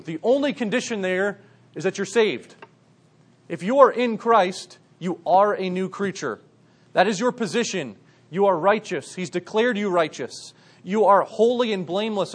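A man's voice: high-pitched, slightly rough. A young man preaching a casual sermon to young people, telling stories with lots of "like" and "right". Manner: conversational, uses stories and fillers like "like" and "right". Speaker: youth pastor.

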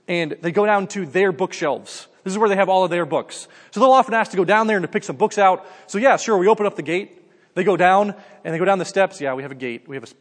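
A man's voice: high voice, long reverb tail. A man preaching a sermon in a conversational way, calling his listeners "guys" and often saying "like". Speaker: pastor.

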